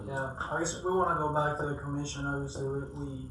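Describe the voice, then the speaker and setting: A man's voice: a little high, steady tone, fast, fairly bright tone. A man in the audience explaining a work problem, hesitant and repeating his words. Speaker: audience member asking a question. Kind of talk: halting question from the floor. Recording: echoey room, voice from far off, faint noise.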